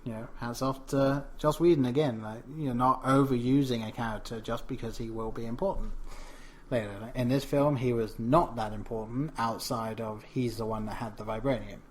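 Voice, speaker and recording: A man's voice: medium pitch, fairly even intonation, normal speed, a little hiss or hum. A man co-hosting a casual film review podcast, rambling through his thoughts with frequent chuckles. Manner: rambling, chuckles often, reads listener tweets aloud. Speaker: podcast co-host.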